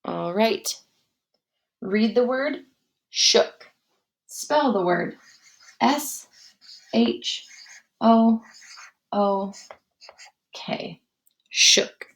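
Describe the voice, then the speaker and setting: A woman teaching a guided spelling lesson, dictating words slowly and spelling them out letter by letter. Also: fairly high pitch, expressive.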